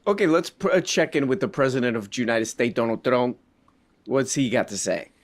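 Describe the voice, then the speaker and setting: A man's voice: medium pitch, lively intonation, fairly quick. A man doing casual live-stream commentary over clips, sarcastic and rambling, with a mocking tone.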